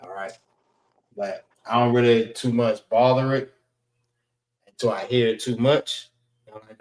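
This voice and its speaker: A man teaching a class, slowly sounding out letters one by one and repeating himself. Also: mid-range voice, steady tone, echoey room, low-quality recording. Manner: slow, repetitive, spells out sounds one by one. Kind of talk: classroom language lesson. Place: library meeting room.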